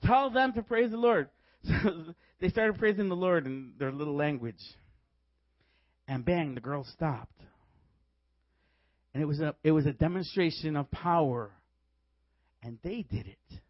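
A man preaching a sermon, telling stories in a lively way and laughing often as he goes. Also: on the high side, unhurried, pauses often, dry recording, muffled recording. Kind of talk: sermon with storytelling.

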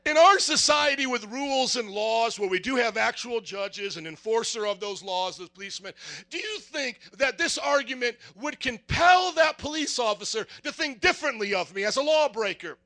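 A man's voice: extremely high pitch, expressive, normal speed, bright, forceful tone. A man preaching a sermon, firing rhetorical questions and acting out little dialogues.

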